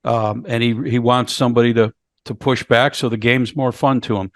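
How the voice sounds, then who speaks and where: Male podcast co-host, halting plot recap, mid pitch, dry close mic. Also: flat delivery, no room sound. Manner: halting, repeats words while recapping the plot. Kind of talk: casual movie review chat.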